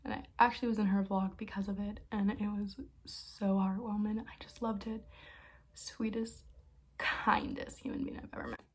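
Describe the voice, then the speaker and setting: A young woman vlogger telling stories in a casual, excitable way, with quick bursts and frequent laughs. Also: medium pitch, breathy edge. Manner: excitable, fast bursts, lots of likes and laughs. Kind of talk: casual storytime chat.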